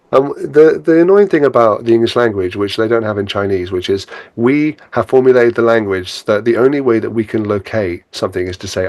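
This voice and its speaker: A man with a lowish voice guests on a podcast as a spiritual teacher, with no room sound around him. He talks casually and reflectively, laughs often, and acts out his own inner thoughts.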